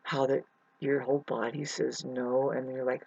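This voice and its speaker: A woman's voice: extremely low pitch, flat delivery, normal speed, gravelly, warm tone, dry recording. A woman vlogger rambling through a searching spiritual monologue, speaking straight to the viewer and calling them "babes". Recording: muffled lo-fi audio.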